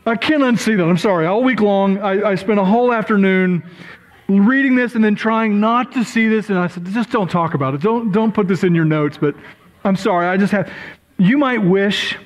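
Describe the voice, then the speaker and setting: High-voiced pastor, chatty and apologetic. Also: male voice, normal speed, rough recording. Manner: self-deprecating, chatty asides with frequent apologies. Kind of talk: sermon.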